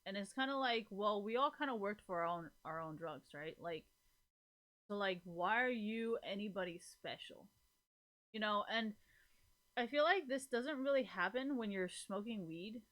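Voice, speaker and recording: A woman's voice: mid-range voice, lively intonation, moderate pace, a bit bright. Woman, streamer, casual live chat, rambling, swears a lot, constant "like" fillers. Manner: rambling, profane, fills every gap with "like".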